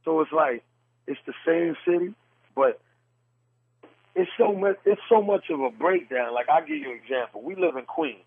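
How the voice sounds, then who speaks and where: A man's voice: on the high side, animated, moderate pace, breathy edge, no room sound, phone-quality sound. A man from New York City with a New York accent, hosting a casual podcast chat and bluntly comparing how people talk. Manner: blunt storyteller, mimics dialects. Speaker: podcast host.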